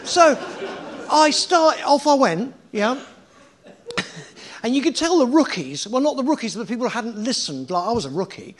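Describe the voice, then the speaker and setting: High, lively man telling a tale. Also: normal speed. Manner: animated, swearing, repeats himself, checks in with "right?". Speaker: interview guest. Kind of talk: storytelling in a casual interview.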